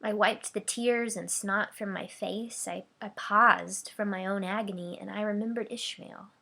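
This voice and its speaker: A woman preacher giving a dramatic first-person monologue as a grieving, remorseful ancient mother, her delivery swinging between hushed whispers and cries. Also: mid-range voice, fairly even intonation, unhurried, vocal fry, heavily acted.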